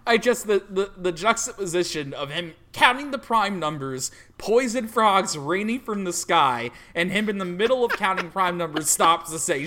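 A woman's voice: on the low side, expressive, moderate pace, hardly any pauses, a bit bright. A woman casually reacting to a comic with a friend, laughing and tripping over her words. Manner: laughing, hesitant, with many fillers. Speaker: co-reader.

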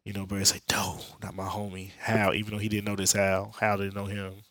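A man's voice: on the low side, monotone, quick pace, a bit bright, dry recording. A young man hosting a podcast, recapping a comic book story in streetwise slang with jokes and lots of profanity. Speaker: podcast host.

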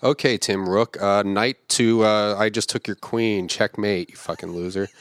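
A podcast host on a comedy show roasts names from film credits with crude, profane insults, reading each name slowly before firing off the joke fast. His voice runs on the low side, steady and smooth, in a dry recording.

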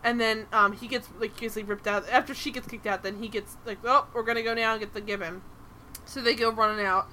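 A woman with a bright, ringing voice pitched a little high, recapping a TV episode in animated, exasperated chat. She swears freely. A faint hiss sits under her voice. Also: quick pace. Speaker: podcast host.

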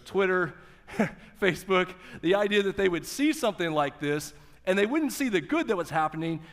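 Male pastor preaching, slightly high voice, conversational, rhetorical questions, long hall reverb. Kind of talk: sermon.

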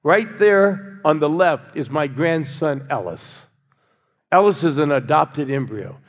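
Slow-paced but animated, an older pastor's slightly high voice fills a large church hall, where long reverb trails his words. He exhorts his congregation through call-and-response, coaxing them to answer back and cheer.

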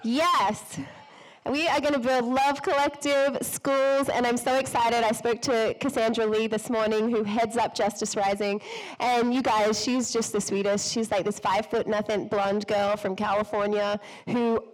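A woman hosting a live church women's event, slightly hoarse from a cold, bubbly and effusive, laughing often as she speaks to the audience on a stage mic. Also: a little high, steady tone, a little slow, low-quality recording. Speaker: event host. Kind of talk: enthusiastic welcome speech to a live audience. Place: event hall before an audience.

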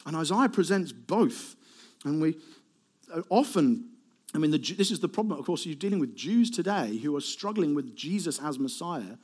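Middle-aged guy preaching a sermon, bit higher voice, lots of rhetorical questions, goes loud then soft. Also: moderate pace, husky. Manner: animated, rhetorical questions, swings between loud emphasis and soft asides.

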